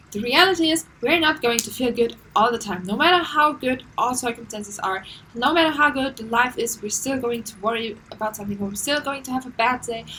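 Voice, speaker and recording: A woman's voice: on the high side, bright, forceful tone, a little hiss or hum, poor audio. A woman giving earnest, casual self-help advice, repeating herself and acting out the voices in her head. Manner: earnest, repetitive, acts out inner voices.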